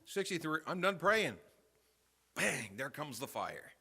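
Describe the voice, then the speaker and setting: A man pastor preaching a sermon in a church, telling a story with swings from quiet asides to loud emphasis. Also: fairly high pitch, very animated, moderate pace. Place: church sanctuary.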